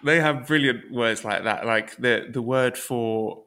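A man's voice: mid-range voice, measured pace, pushed and bright. A man from the UK co-hosting a casual podcast, teasing his partner in a dry way. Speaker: podcast co-host.

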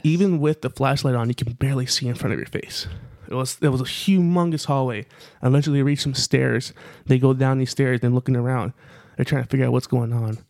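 A man's voice: mid-range voice, fairly even intonation, brisk, gravelly, few pauses, a little mellow, no room sound, clean studio sound. A man co-hosting a podcast, telling a rambling story casually with lots of fillers and repeated phrases. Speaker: podcast co-host.

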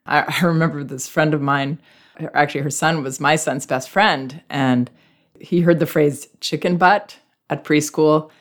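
A woman hosting a parenting advice podcast, speaking gently and reflectively as she talks through a child's behavior. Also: low-pitched.

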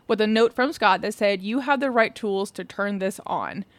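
A woman's voice: mid-range voice, normal speed, dry recording. A woman co-hosting a podcast, casually retelling a true-crime case from her notes, laughing often and swearing offhandedly. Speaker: podcast co-host.

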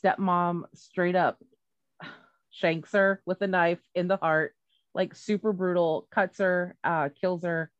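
A woman's voice: fairly low pitch, fairly even intonation, slow pace, dry recording, highs cut off. A woman retelling a story in casual chat, rambling and swearing freely, with many fillers and restarts.

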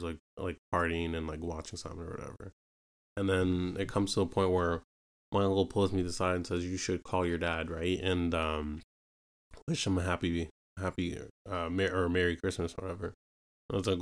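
A man's voice: sits low, clean tone. A young man from Canada telling a personal story in a casual, rambling way, full of fillers and repeated asides. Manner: rambling, full of fillers like "you know what I mean" and "right". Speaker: podcast host telling his own story.

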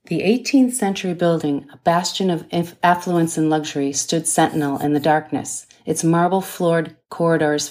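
A woman, the author, reading her own thriller novel aloud in a measured, dramatic way. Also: low-pitched, darkish tone. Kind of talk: audiobook narration.

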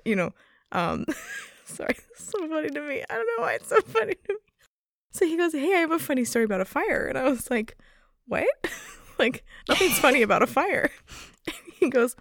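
Woman podcast co-host, casual storyteller, slightly gravelly, laughs a lot, dry mic. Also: fairly low pitch, no room sound. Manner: giggly storyteller, laughs often. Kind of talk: casual chat.

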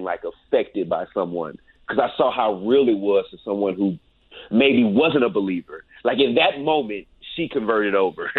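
Heard over a tinny, phone-like connection, this guest's fairly low, slightly rough voice is dry and free of room sound. He's a relaxed paranormal investigator telling a story in a casual interview, tossing "man" into his speech often.

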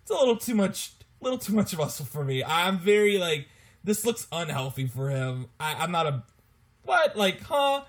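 A man's voice: on the high side, animated, moderate pace. A young man co-hosting a podcast in casual chat, joking and laughing often. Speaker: podcast co-host.

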